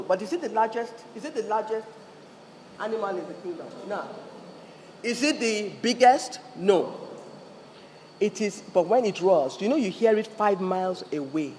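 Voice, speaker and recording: A man with a Nigerian English accent delivers a fiery motivational conference address in a large event hall, throwing questions at the audience. His voice is high-pitched, and the recording has long hall reverb, faint ambience, and a little hiss or hum.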